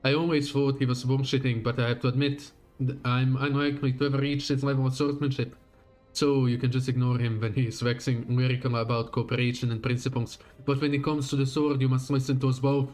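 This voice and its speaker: A man's voice: medium pitch, little pitch movement, fast talker, darkish tone, faint music behind, voice pushed down, close to an everyday voice. A man voicing a proud female swordmaster from a game, speaking in blunt, clipped commands. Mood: stern.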